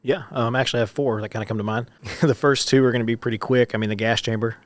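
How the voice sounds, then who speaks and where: A man's voice: medium pitch, fairly even intonation, fast talker, dry recording. A young man, a course graduate, answering interview questions in a chatty, rambling, good-humored way.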